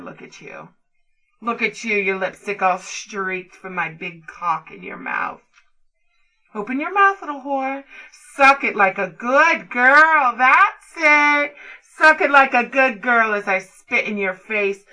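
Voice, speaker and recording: A woman's voice: mid-range voice, animated, measured pace, bright, forceful tone, low-quality recording. A woman performing an adult audio role-play in a commanding, taunting manner.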